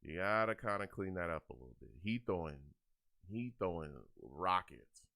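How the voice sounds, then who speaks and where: Exasperated, the young fan-show host rants through a live game reaction, says things over and over, and reads out what chat is posting. He has a low, creaky, sharp-toned voice with lively intonation and a moderate pace.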